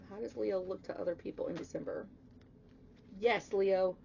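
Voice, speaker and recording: A woman's voice: mid-range voice, moderate pace, gravelly, a little mellow, muffled recording, a little hiss or hum. A woman giving a casual spoken tarot reading, emphatic and chatty, swearing bluntly and swinging into emotional outbursts. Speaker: tarot reader.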